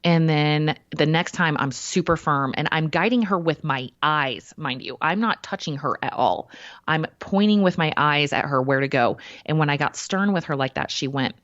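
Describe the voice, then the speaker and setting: A woman, a podcast guest, telling a personal story in a lively way and acting out what people said. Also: deep voice, moderate pace, dry recording, lo-fi sound. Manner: animated storyteller who acts out quotes.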